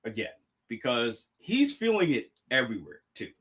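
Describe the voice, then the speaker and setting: A young man live-streaming a reaction, talking excitedly, stumbling over words and thanking his chat. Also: medium pitch, moderate pace, breathy edge. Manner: excitable, restarts and apologizes, addresses chat. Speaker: streamer reacting to a manga chapter.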